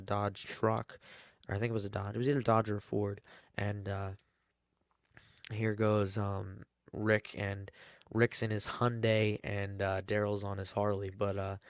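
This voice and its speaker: A man's voice: on the low side, no echo, clean studio sound. A man giving a rambling, casual episode recap, full of fillers and self-corrections. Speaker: TV episode reviewer.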